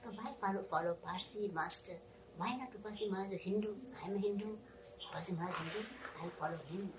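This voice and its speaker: A woman recounting anecdotes in English, her second language, animated, laughing often and pausing to search for words. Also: mid-range voice, distant mic, noisy background. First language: not English. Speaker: storyteller.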